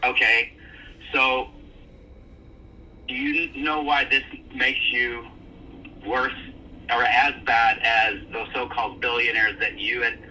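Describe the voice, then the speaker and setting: A man's voice: mid-range voice, fairly even intonation, takes it slowly, pauses often, bright, forceful tone, recorded from a distance, slight background noise, low-quality recording. A man calling into a live stream, arguing insistently and repeating his points. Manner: insistent, argumentative. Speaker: caller. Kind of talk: heated live debate.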